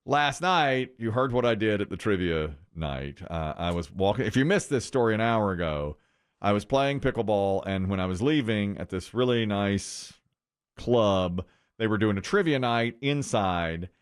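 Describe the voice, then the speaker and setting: A man's voice: moderate pace, smooth. A middle-aged man hosting a morning radio show, telling stories in casual banter and acting out the quotes with big jumps in his voice. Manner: animated storyteller, acts out quotes with big pitch jumps.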